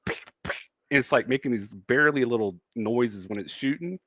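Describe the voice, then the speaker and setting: A man's voice: mid-range voice, moderate pace, a bit bright, dry recording. A man co-hosting a casual livestream chat, telling a rambling story and laughing often. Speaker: co-host.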